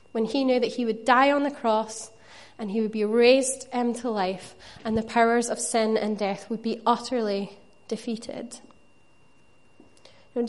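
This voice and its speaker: A woman's voice: fairly high pitch, darkish tone. A woman preaching a sermon, earnest and conversational, with playful asides to the congregation.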